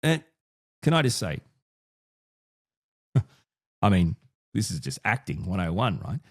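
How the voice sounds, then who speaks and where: A man with a deep, very animated voice hosts his own podcast at a measured pace. He talks casually and thinks out loud in this solo show, often restarting and going off on asides.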